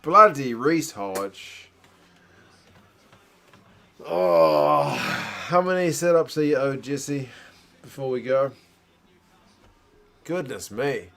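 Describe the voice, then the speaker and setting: Guy chatting through a rugby match live, casual, middle pitch. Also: sing-song, very slow, pauses often, bright, forceful tone, soft background music. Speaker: host. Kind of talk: casual live watch-along chat.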